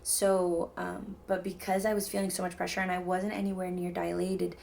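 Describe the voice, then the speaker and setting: A woman's voice: fairly low pitch, little pitch movement, normal speed, gravelly, a little mellow, slight background noise. A young woman telling a personal story to her viewers in a chatty, rambling way, full of "like" and "mind you guys". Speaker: vlogger. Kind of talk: casual storytelling to camera.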